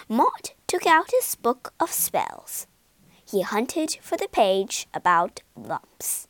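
Storybook narrator: woman, high and animated, unhurried, dry close sound. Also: no room sound. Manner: slow, lively storytelling with big character voices. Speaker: storybook reader. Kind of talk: expressive storybook read-aloud.

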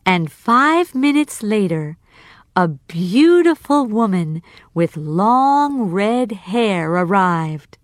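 A woman reading a storybook aloud slowly and clearly for language learners. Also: medium pitch, no echo, studio quality. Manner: very slow, clear and expressive.

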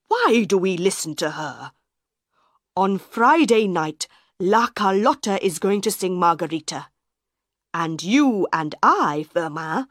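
A woman's voice: medium pitch, no echo, clean studio sound. A woman reading the part of an angry, stubborn man who runs an opera house. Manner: indignant, forceful.

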